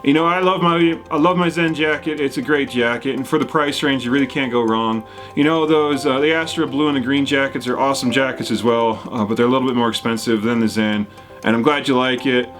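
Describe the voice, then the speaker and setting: A man's voice: mid-range voice, a little fast, a bit bright, faint music behind. A man hosting a casual question-and-answer video, rambling and friendly, with plenty of fillers and restarts as he answers viewers. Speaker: whitewater kayaking channel host. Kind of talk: casual Q&A, reading viewer comments.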